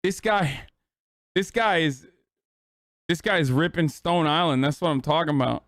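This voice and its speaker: A man's voice: fairly high pitch, moderate pace, fairly bright tone, dry recording, studio quality. A man streaming live, reacting to clips with loose, profane, rambling commentary.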